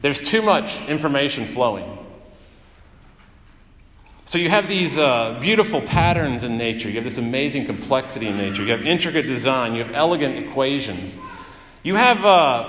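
A man's voice: mid-range voice, a bit bright. A male pastor giving a sermon in an earnest, emphatic way, often repeating phrases. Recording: echoey hall with long reverb.

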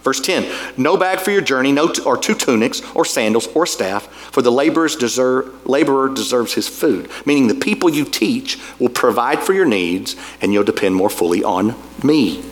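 A man's voice: medium pitch, lively intonation, normal speed, hardly any pauses. A man preaching a sermon in a folksy, conversational way, full of asides to the congregation. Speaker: pastor.

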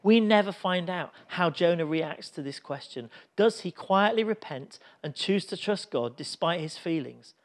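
Earnest preaching man, slightly high voice. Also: lively intonation, normal speed, hardly any pauses. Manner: earnest, reflective storytelling. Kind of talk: sermon.

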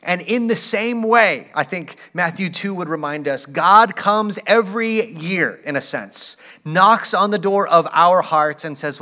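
Bright-voiced earnest male pastor. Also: fairly high pitch, lively intonation, unhurried. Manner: earnest, inviting. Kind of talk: sermon.

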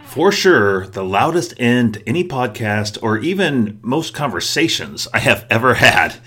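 A male podcast host with a lively, up-and-down pitch, talking in an easygoing way. He sounds reflective and encouraging, in a relaxed, conversational style. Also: a little slow, faint music behind. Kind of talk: casual chat and closing monologue.

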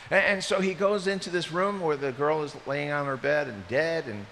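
A middle-aged man from Maryland preaching a sermon, an animated storyteller who tosses in joking asides. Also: on the high side, moderate pace. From Maryland, USA. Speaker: pastor. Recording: reverberant hall, faint hiss.

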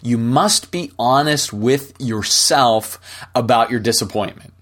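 A man's voice: mid-range voice, measured pace, a bit bright. A middle-aged man hosting a podcast, giving an earnest, conversational Christian teaching that often ends points with "right?". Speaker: podcast host. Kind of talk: casual Christian teaching monologue.

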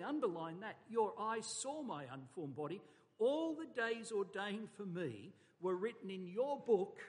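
High-voiced man preaching in a hall. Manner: emphatic, varies volume for effect, occasional stumbles. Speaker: pastor. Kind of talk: sermon. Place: church. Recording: long reverb of a church hall.

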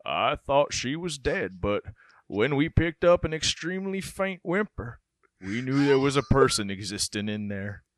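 A man's voice: medium pitch, sing-song, a little slow, dry recording, clean studio sound. A man doing a drawling Southern country doctor. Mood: amazed. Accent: put-on Southern US. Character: rural male small-town doctor, amazed.

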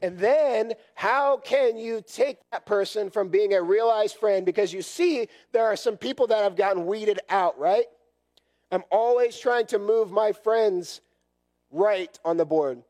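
A man with a fairly high voice, hoarse from a cough, leads a group teaching session. He talks conversationally and circles back on his points, checking in with listeners again and again. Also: measured pace, darkish tone. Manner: repetitive, conversational, constantly checks in with "right?". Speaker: session leader at church workshop.

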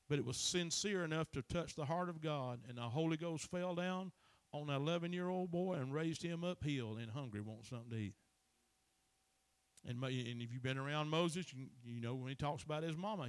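A man's voice: a little high, no echo. A man, preaching a folksy sermon that rises into emphatic bursts. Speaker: pastor.

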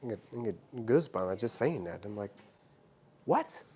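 A man preaching a sermon, swinging between loud exclamations and hushed, quiet stretches, often repeating himself as he builds a point. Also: fairly low pitch, expressive, a little fast, slightly rough. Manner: repeats words and restarts phrases. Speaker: university teacher.

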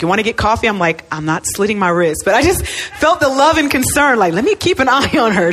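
A middle-aged woman giving a personal testimony message, telling her story with animated, self-mocking energy. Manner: animated storytelling, swings into high excited self-mockery. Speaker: speaker.

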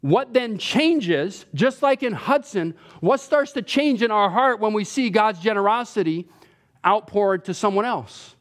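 A man preaching a sermon, animated and repeating words as he starts phrases, rising in pitch when he voices others' complaints. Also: measured pace. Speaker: pastor.

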